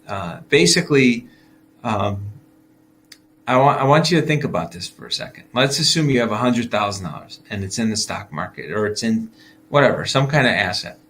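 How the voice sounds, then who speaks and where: A man's voice: lowish voice, expressive, moderate pace, fairly bright tone, slight background noise. A man hosting a casual market-wrap video as a financial advisor, talking loosely with fillers and chuckling as he acts out investors' thoughts. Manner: chatty, laughs while acting out investors' thoughts.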